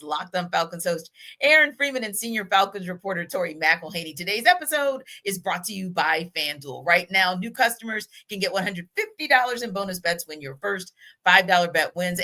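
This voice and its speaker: Upbeat woman podcast host with a forceful, bright voice pitched a touch low. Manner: upbeat and chatty, laughs easily. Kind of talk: sports talk podcast.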